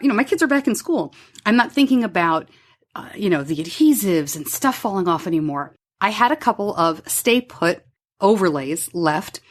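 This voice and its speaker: A middle-aged woman hosting a podcast from her home studio, candidly telling a personal story and acting out the dialogue. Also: medium pitch. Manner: candid, animated, acts out quoted dialogue. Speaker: podcast host.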